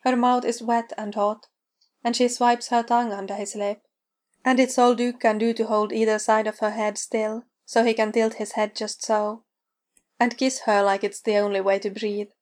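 A woman narrating a story aloud with a steady, even reading. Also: fairly high pitch, normal speed. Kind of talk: reading fan fiction aloud.

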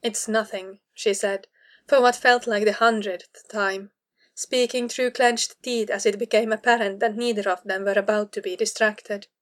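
A woman narrating a story aloud in a measured, even storytelling manner, as in an audiobook. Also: mid-range voice. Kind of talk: audiobook reading of fan fiction.

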